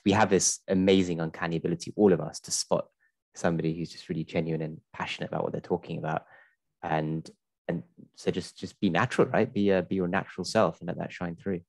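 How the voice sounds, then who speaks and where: A man's voice: deep voice, darkish tone, no echo. A man hosting a webinar who talks in an upbeat, conversational way and often checks in with "right?". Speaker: host. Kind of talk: casual webinar talk.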